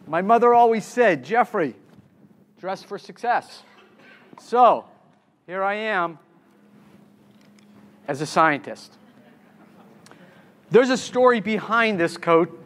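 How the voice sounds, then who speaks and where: High-voiced man giving an energetic keynote. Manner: energetic, quizzes the audience, repeats key words; frequent restarts and stammered repeats. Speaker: conference keynote speaker. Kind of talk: live keynote presentation. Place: conference stage before a live audience.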